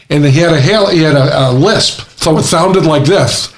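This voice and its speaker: A man's voice: fairly high pitch, takes it slowly, pauses often. Man laughing through his own stories. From New England. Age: middle-aged. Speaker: podcast co-host. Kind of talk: casual comedic storytelling.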